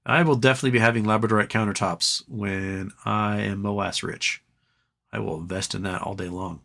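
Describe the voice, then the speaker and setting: A man's voice: lowish voice, fairly even intonation, moderate pace, gravelly, sharp tone. A man hosting a live stream in casual chat, rambling between topics and reading chat aloud, his voice tiring. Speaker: livestream host.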